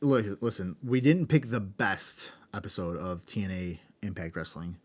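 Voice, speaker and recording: A man's voice: deep voice, normal speed. A man narrating a wrestling rundown in a loose, wry podcast manner. He tosses in crude asides and keeps the play-by-play moving at an easy clip. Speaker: podcast co-host. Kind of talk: casual recap of an old wrestling episode.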